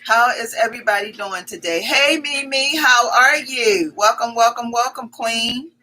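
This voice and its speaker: A woman hosting a casual livestream, chatting and greeting viewers one by one, repeating her welcomes in quick strings. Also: on the high side, sharp tone, rough recording. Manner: greets viewers by name as their comments arrive. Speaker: livestream host. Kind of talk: casual live-stream chat.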